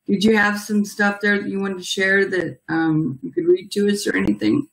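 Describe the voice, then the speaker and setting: A woman's voice: mid-range voice, steady tone, moderate pace, gravelly, rough recording. A woman hosting a book interview show, asking questions and reading a book passage aloud with friendly affirmations.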